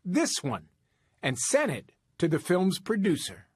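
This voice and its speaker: A man's voice: high voice, huge pitch swings, unhurried, husky, dry recording, studio quality. A man narrating a news feature and interviewing a guest as correspondent, polished and wry.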